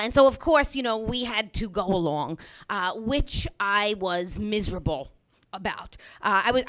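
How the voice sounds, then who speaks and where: Animated wry woman telling a story. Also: on the high side. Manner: animated and wry, frequent "you know" fillers. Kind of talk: live comic storytelling. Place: small bar stage before a live audience.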